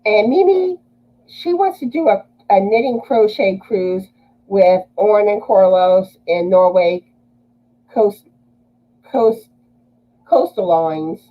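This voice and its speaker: A woman's voice: mid-range voice, a little slow, highs cut off. A woman from Louisiana hosting a casual livestream, greeting viewers and reading their comments aloud.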